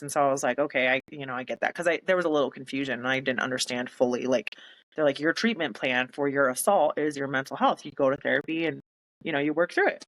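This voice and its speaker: A woman's voice: a bass voice, fairly bright tone, rough recording. A young woman, a military veteran, telling her own story in an interview, candid and emotional, often acting out what others said to her. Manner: emotional, candid, quotes others in rapid retelling.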